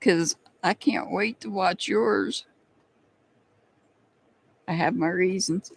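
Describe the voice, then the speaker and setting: A tarot and rune reader on a live stream, talking straight to chat viewers and musing between pauses. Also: mid-range voice, creaky.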